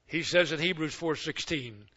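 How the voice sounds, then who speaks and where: An older man preaching a sermon, folksy and story-driven. He swings between loud, emphatic exhortation and slow, hushed passages. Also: on the high side. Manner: folksy storytelling that acts out others' words. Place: church service. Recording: muffled lo-fi recording.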